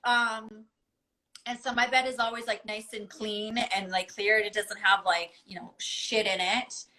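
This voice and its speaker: A woman guest in a casual conversation, telling stories in an animated way and giggling often. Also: medium pitch, measured pace, rough recording. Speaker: podcast guest.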